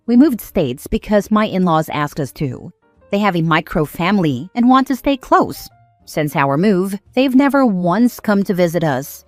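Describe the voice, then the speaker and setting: A woman narrating online posts aloud in a lively scripted storytelling manner. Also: fairly low pitch, no echo.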